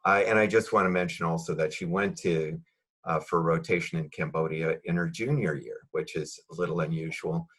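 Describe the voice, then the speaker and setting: A man's voice: deep voice, steady tone, a little fast, a bit bright, husky. A man on a video call, speaking about his student in a rambling way full of fillers. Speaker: research mentor. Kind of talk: casual spoken tribute on a video call.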